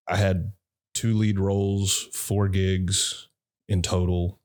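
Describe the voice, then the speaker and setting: Deep-ish male voice, laid-back podcast guest, swears freely, rambling storyteller. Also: level tone, takes it slowly, a little mellow. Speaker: podcast guest, actor and director. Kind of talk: casual storytelling chat.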